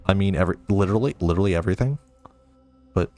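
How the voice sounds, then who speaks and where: A man's voice: medium pitch, expressive, normal speed, soft background music. A man streaming a game live and reading chat, flustered, self-mocking and rambling.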